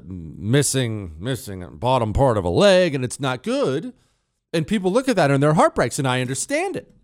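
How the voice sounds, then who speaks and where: A man's voice: medium pitch, darkish tone, no echo, studio quality. A middle-aged man hosting talk radio, ranting in a heated, sarcastic monologue.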